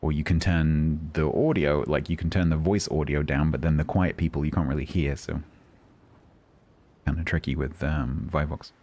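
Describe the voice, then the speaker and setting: A man streaming a game and chatting to viewers in a steady, even, dry tone. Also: rumbling low, moderate pace. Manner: steady, even-toned, dry self-deprecating. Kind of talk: casual live-stream chat.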